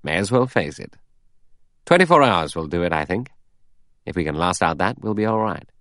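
A man voicing a cool, sardonic adventurer in an audiobook, brisk with sharp retorts. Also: low voice, sing-song, no echo, clean studio sound. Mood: matter-of-fact.

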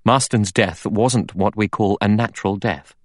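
A man's voice: on the low side, moderate pace, dry recording, clean studio sound, lightly acted. A man voicing a brusque grave doctor. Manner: brusque, matter-of-fact. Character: brisk, grave middle-aged male doctor.

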